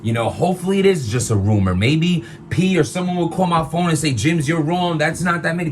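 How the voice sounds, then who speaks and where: A man ranting casually to his viewers, animated and slangy, repeating himself as he vents. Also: a little high, a little hiss or hum. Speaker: vlogger, battle rap commentator. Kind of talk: casual opinion rant to camera.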